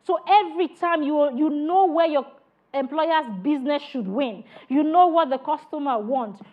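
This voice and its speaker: A woman training customer service staff in a classroom lecture, animated and repeating "all right" as she acts out exchanges with customers. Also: sits high. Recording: dull lo-fi classroom recording.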